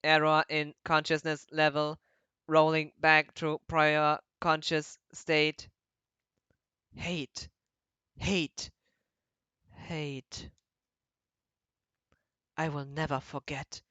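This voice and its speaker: A woman's voice: low voice, extremely slow, long pauses, clear, resonant tone, no room sound, muffled recording, full character voice. Woman voicing a cold, hateful reawakening machine being. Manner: flat system-report phrasing alternating with hateful vows.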